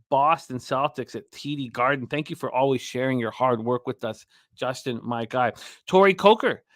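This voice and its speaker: A man's voice: medium pitch, a bit bright, dry recording, studio quality. A man hosting a sports betting radio show, talking energetically, rambling and throwing in crude jokes.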